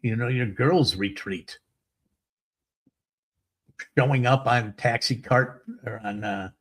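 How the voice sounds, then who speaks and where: A man's voice: mid-range voice, slow, a bit bright. Blunt, ranting middle-aged man. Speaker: show host. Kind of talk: casual monologue.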